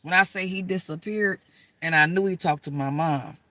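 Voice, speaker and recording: Woman storyteller, animated and emphatic, slangy and loose, with a tense, forceful voice. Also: fairly low pitch, normal speed, dry recording. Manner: animated, emphatic, addresses listeners as girl and y'all; slangy, profane, rambling. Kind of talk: casual personal storytelling.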